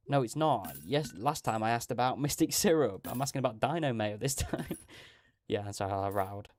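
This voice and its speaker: A man's voice: mid-range voice, animated, moderate pace, few pauses, darkish tone. A man live-streaming a video game, chatting casually and rambling while reading chat. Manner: rambling, chatty, laughs often, reads out chat.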